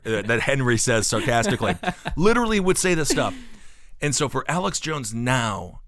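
Animated, cynical man hosting. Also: mid-range voice, fairly quick, dry recording. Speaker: podcast host. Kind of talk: casual opinion chat.

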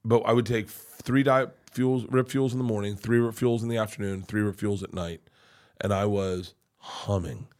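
Animated middle-aged man telling a comic story. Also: lowish voice, moderate pace. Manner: animated, swears freely, acts out quoted voices. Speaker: podcast guest, comedian.

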